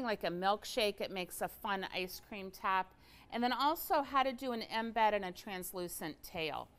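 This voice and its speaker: Speaking at medium pitch with a clean, slightly bright tone, a woman runs a relaxed product demo livestream in an indoor craft studio. Her delivery is talkative and eager, peppered with frequent fillers.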